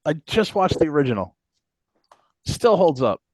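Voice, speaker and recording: A man's voice: on the high side, big pitch swings, moderate pace, darkish tone, no echo. A man co-hosting a podcast, chatting in an opinionated way. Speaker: podcast co-host. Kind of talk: casual chat.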